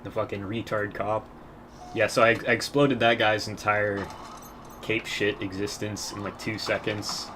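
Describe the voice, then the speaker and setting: A man's voice: lowish voice, little pitch movement, unhurried, noisy background. A young man giving casual gameplay commentary, telling rambling stories in a crude, profane way and often laughing.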